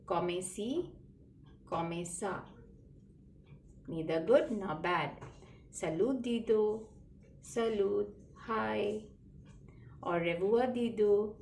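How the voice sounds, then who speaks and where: A woman speaks slowly and patiently, walking children through a lesson and spelling words out letter by letter. Her voice sits back from the microphone in a roomy, echoing space, with a middle pitch. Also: vocal fry, a little mellow, recorded from a distance, a little hiss or hum. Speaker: teacher. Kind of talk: slow classroom lesson explaining French words. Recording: roomy echo, voice from away from the mic.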